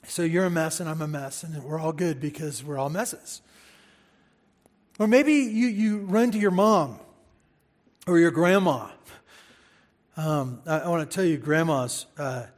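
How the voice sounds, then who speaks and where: Male pastor, sermon delivery, emphatic and repetitive, somewhat high-pitched, reverberant church hall. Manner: animated, emphatic preaching with repetitions and asides.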